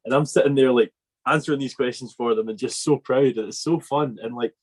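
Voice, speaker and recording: A man's voice: mid-range voice, a little fast, darkish tone. A man, hosting a podcast in an enthusiastic, rambling chat. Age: 20s. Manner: enthusiastic and rambling, with many fillers. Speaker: podcast host. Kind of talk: casual chat.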